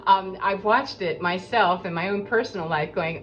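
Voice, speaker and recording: A woman's voice: medium pitch, moderate pace, hardly any pauses. A woman giving an earnest, rambling spiritual monologue as a coach, talking in a preachy way. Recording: dull lo-fi with faint background noise.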